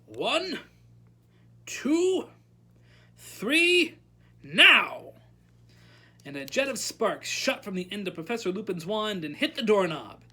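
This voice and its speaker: Animated storytime reader, bright voice, lively rising and falling pitch, librarian reading a novel aloud. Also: brisk, few pauses. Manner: animated, shouting out characters' lines.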